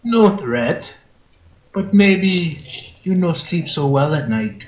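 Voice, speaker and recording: Brutish growling warrior , voiced by a man at the table, slow and low in broken speech, roomy room sound. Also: lively intonation, highs cut off. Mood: menacing. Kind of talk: tabletop role-play. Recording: roomy echo.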